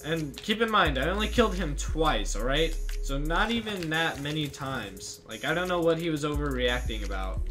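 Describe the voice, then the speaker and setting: Rambling young gaming commentator over music. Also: male voice, fairly high pitch. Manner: rambling, filler-heavy storytelling. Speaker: gaming channel host. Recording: music playing behind.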